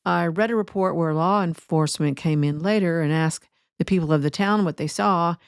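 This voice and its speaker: A woman hosting a history podcast, telling an old outlaw story in a steady way with wry asides. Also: on the low side, normal speed, smooth, no echo, clean studio sound. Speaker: podcast host.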